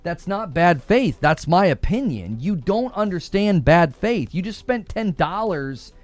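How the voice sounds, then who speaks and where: A man's voice: sits high, very animated, a little slow, dry recording, faint music behind. A man hosting a gaming commentary livestream, ranting in an indignant, combative way. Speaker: livestream host.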